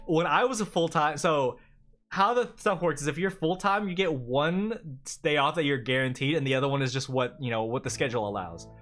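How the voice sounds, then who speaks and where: A man's voice: on the high side, fairly bright tone. Exasperated young man ranting on stream. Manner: rambling, exasperated, many fillers. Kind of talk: casual live-stream venting.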